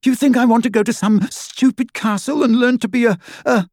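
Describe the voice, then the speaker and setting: A man voicing a jealous, spiteful older sister who speaks in a shrill, scornful way. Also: brisk, darkish tone, dry recording, studio quality. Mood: bitter.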